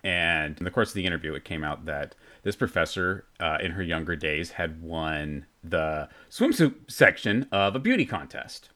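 A man's voice: deep voice, animated, moderate pace, hardly any pauses, sharp tone. A young man co-hosting a podcast, telling a story in a rambling, self-correcting way. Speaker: podcast co-host. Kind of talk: casual storytelling chat.

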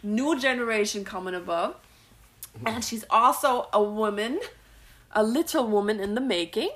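A woman co-hosting a family podcast, chatting in an upbeat, easygoing way and quick to laugh. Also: fairly high pitch, a bit bright. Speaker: podcast co-host; mother and entrepreneur. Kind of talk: casual chat.

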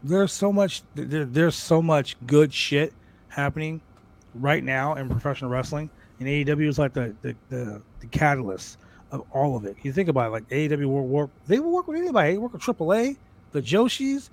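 Brief: man, slightly high voice, excitable rambling podcast co-host, swears freely. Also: fairly quick. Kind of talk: casual wrestling podcast chat.

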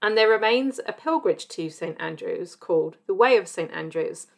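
Low-voiced woman podcast host. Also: expressive, normal speed, vocal fry. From New Zealand. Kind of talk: scripted intro then interview questions.

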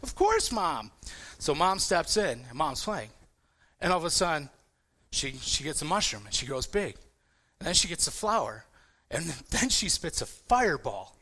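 A man with a fairly high, bright voice preaching in a relaxed, conversational way. He stumbles and repeats words as he goes and livens up as his personal stories unfold. He sounds about forty. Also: normal speed. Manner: repetitive restarts, animated storytelling. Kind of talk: casual sermon with personal stories.

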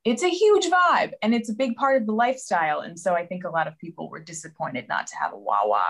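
A woman's voice: medium pitch, fast. Chatty woman from the Philadelphia area. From Philadelphia area, USA. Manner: chatty, animated storyteller, laughs easily. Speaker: singer, interview guest. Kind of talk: casual interview chat. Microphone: video call.

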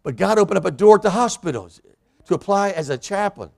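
A man's voice: high voice, animated, fast talker, vocal fry. A man preaching a sermon in a church, a pastor and hospital chaplain who acts out the voices of people in scripture.

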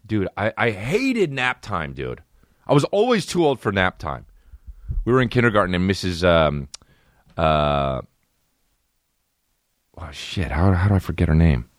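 A low-pitched young man rambles through profane stories with sudden animated bursts. He hosts a casual podcast, and his voice sits close and dry with no room sound. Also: no echo. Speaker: podcast host. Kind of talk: casual comedic storytelling.

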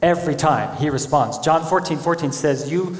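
A man preaching a sermon as pastor, animated, acting out quoted voices as he speaks. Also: fairly high pitch, moderate pace. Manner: animated, acts out quotes of God and people. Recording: echoey church hall.

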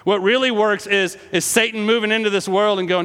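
A pastor from the United States preaching a sermon with impassioned delivery, swinging between hushed tones and raised, quoted lines. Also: male voice, sits high, steady tone, brisk, hardly any pauses, clean tone, long reverb tail.

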